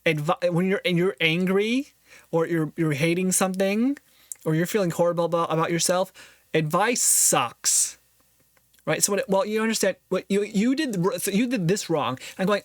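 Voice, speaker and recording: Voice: mid-range voice, normal speed, no room sound, studio quality. A podcast host giving earnest, reflective solo commentary on a philosophy text, thinking aloud and restarting phrases often.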